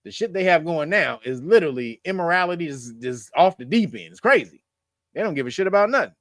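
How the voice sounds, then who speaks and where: Animated, profane man reading news. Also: on the high side, quick pace, dry recording, clean studio sound. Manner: profane, laughing, mocking asides between read headlines. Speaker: show host reading news. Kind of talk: casual news commentary.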